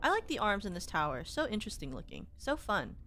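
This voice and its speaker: A woman's voice: medium pitch, big pitch swings, fast, sharp tone, slight background noise. A young woman streaming a horror game, chatting to herself in a self-mocking, rambling way. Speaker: gaming streamer. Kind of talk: casual let's-play chat.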